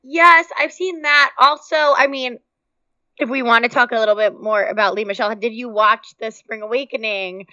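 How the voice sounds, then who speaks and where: A woman co-hosting a podcast, chatting and reacting quickly. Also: on the high side, pushed and bright, dry recording, muffled recording. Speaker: podcast co-host. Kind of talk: casual chat.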